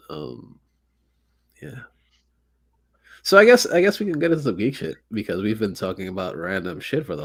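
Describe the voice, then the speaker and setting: Excitable profane podcast host, rambling. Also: male voice, fairly low pitch. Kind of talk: casual chat.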